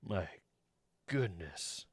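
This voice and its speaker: Animated, laughing male streamer. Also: low-pitched, very slow, husky, no room sound, clean studio sound. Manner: rambling, laughs often, animated. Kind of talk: casual gameplay chat.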